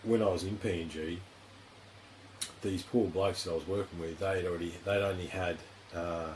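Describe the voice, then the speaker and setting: A man's voice: sits low, fairly even intonation, normal speed, darkish tone, slight background noise, rough recording. An Australian man hosting a podcast in a studio, talking in a rambling, frank way with plenty of swearing and filler phrases. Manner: rambling, frank, heavy swearing, constant "you know". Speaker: podcast host. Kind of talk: casual interview chat.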